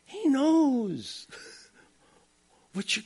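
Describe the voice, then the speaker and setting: Guy preaching a bible sermon, pretty high voice, super lively ups and downs, keeps saying okay?. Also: extremely slow, breathy edge. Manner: emphatic and conversational, with asides like "okay?". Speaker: pastor. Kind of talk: expository sermon.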